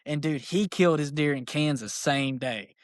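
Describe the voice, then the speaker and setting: A man tells a story as a podcast guest, excited and rambling, tossing in "dude" and "like" constantly. His voice sits a little high for a man. The close podcast mic sounds dry and dead. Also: normal speed, no echo. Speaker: podcast guest, archery shop owner. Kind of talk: casual storytelling chat.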